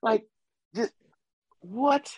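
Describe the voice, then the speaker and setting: A man with a high, husky voice rants through casual sports talk and keeps repeating his point. His speech is full of slang. The recording is dry and close. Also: extremely slow, no echo, dull audio. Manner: animated, ranting, repeats himself, slangy. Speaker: podcast co-host.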